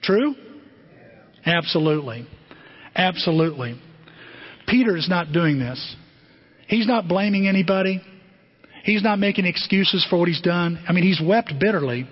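A high-voiced pastor preaching with a husky edge, acting out the voices in his stories. His sermon is caught on a dull, muffled recording with a long hall reverb behind him. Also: normal speed, pauses often. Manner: animated storytelling, acting out quotes.

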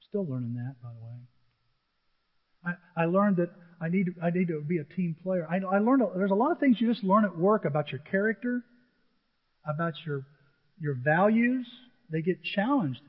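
A man's voice: high voice, lively intonation, normal speed, breathy edge. A man preaching a sermon as pastor, telling stories from his working life and acting out quotes. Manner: conversational storytelling with acted quotes. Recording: dull sound with long hall reverb.

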